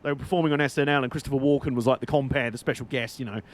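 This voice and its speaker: A man's voice: medium pitch, steady tone, rapid-fire. A man streaming a game, chatting in a rambling way and laughing often. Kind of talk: casual live-stream commentary.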